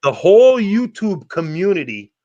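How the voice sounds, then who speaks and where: A man's voice: high voice, big pitch swings, normal speed, warm tone, dull audio. Profane man telling a story. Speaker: live streamer hosting a panel. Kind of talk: casual chat, telling a story.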